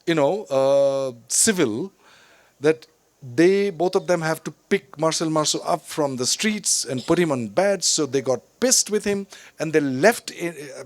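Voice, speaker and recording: A middle-aged actor giving a reflective storytelling talk at a film festival, digressive and full of fillers and restarts. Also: male voice, high voice, no echo. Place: festival stage or hall.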